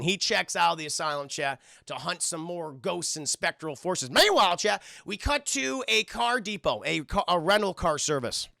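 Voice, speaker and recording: A male streamer chats loosely and profanely through an episode recap, turning to his viewers every few words. His voice is high, bright and heavily gravelly. The sound is dry and close-miked. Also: dry recording. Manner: rambling, profane, keeps addressing chat. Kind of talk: casual live-stream commentary.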